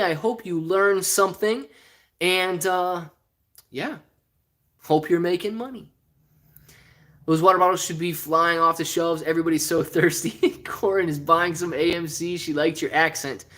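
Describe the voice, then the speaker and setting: A man's voice: fairly high pitch, moderate pace, fairly bright tone. A man from Ohio hosting a casual live stream, reading viewer comments aloud in a rambling, joking way and often laughing. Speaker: stock livestream host.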